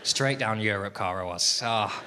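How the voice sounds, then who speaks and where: A man's voice: on the low side, unhurried. Wry man doing stand-up. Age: late 20s. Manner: wry, self-deprecating, rambling asides. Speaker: stand-up comedian. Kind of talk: stand-up comedy set. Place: comedy venue stage before a live audience. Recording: noisy live comedy recording.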